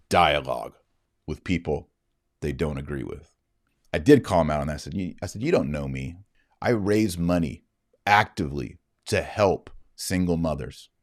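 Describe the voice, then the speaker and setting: A middle-aged man with a deep, low voice hosts a casual podcast monologue. He tells his story in an animated way and acts out the voices of the people in it. The sound is dry and close to the mic. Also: dry recording. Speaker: podcast host.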